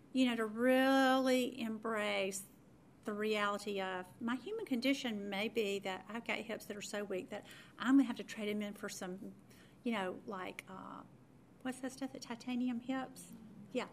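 A woman's voice: a little high, slight background noise. A middle-aged woman, telling a personal faith story in a chatty, self-deprecating way full of fillers and restarts.

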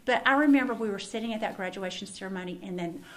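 A woman's voice: mid-range voice, fast talker. A middle-aged woman, teaching a sermon to a women's group in a folksy style that speaks straight to the room. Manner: folksy, warm address to the room.

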